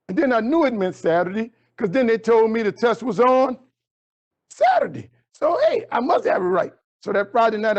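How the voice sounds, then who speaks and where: A man giving a motivational talk, telling a story and acting out every line of dialogue. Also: muffled recording. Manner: animated storyteller acting out dialogue with big pitch jumps. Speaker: motivational speaker. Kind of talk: storytelling keynote speech.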